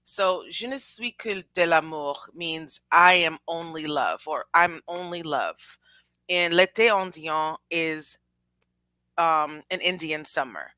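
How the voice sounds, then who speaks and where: A young woman chats animatedly about music as a show host, dropping slang and talking straight to her viewers. Her voice is bright and a little low-pitched. It sounds close-miked and dry, with no room around it. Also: slow, no room sound. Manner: animated, chatty, slangy, addresses the chat. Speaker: podcast host. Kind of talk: casual music commentary.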